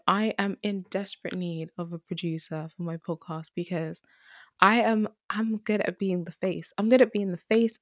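Young woman, podcast host, casual chatty talk, self-deprecating, lowish voice, dry sound. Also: no echo. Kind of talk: casual solo podcast chat.

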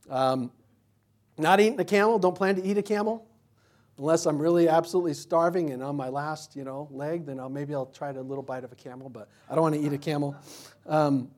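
High-voiced preacher, chatty. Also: male voice, a little mellow. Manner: conversational, jokey, asks the congregation questions. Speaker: pastor. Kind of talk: sermon.

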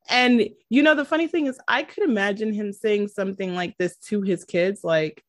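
A woman hosting a podcast in casual chat, animated, often laughing and making dramatic asides. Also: fairly high pitch, a little slow, no room sound, clean studio sound. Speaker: podcast host.

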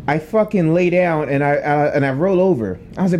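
A man's voice: fairly high pitch, brisk, a little hiss or hum. A young man, a podcast co-host, telling a long profane story in casual chat and acting out the voices in it. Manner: animated, profane storytelling with acted-out quotes.

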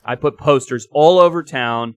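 A young man from Africa, co-hosting a podcast, telling stories in an animated, emphatic way, sometimes swearing. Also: mid-range voice, normal speed, smooth. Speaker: podcast co-host. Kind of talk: casual chat and storytelling.

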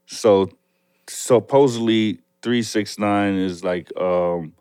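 Young New York guy, co-host; low, easygoing, rambly, dry close sound. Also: slow, darkish tone, clear, resonant tone, no room sound. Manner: laid-back, rambling, laughs often. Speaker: podcast co-host. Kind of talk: casual chat.

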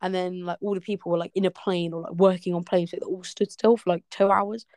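With a quick pace and a level, darkish, lowish voice, this young podcast co-host from England's West Country chats casually in her local accent. She laughs a lot and tosses in sweary, sarcastic remarks, with no room sound in the recording.

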